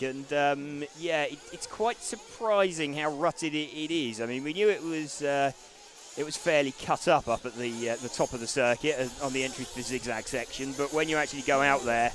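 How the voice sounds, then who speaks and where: A man's voice: medium pitch, brisk, a bit bright, a little hiss or hum. Dry-humored male race commentator. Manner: dry, matter-of-fact, reads lists.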